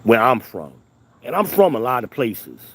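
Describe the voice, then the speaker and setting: A man, a father of two daughters, delivering a casual, heated rant, emphatic and repetitive, often rising in pitch. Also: very animated, moderate pace, a bit bright. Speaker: commentator.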